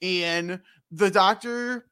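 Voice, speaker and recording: A young man with a high, smooth, sharp-toned voice talks very slowly. He co-hosts a casual podcast and is recapping a game, rambling and joking with frequent laughs.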